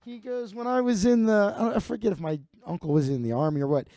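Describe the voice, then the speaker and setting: A man voicing his crude, chain-smoking older uncle, loud and needling. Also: high-pitched, steady tone, quick pace, no room sound, pitched above the performer's own voice. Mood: gleeful.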